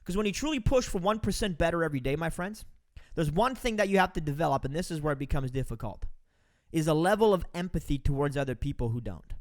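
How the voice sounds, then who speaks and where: Emphatic preachy man with a lively high voice. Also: fast talker. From Romania. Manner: preachy, emphatic, addresses listeners as folks. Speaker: podcast host. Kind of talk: motivational monologue.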